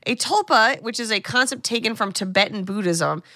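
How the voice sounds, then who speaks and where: A woman co-hosting a podcast, recapping a film in casual chat, animated and full of fillers and asides. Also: medium pitch, normal speed, no echo, studio quality. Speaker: podcast co-host.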